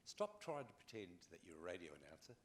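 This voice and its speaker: An older Australian man with a fairly low voice that swoops up and down as he spins wry stories. He talks as a guest on a convention panel and acts out his anecdotes with plenty of energy. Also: sing-song, fast talker. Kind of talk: relaxed anecdotal storytelling.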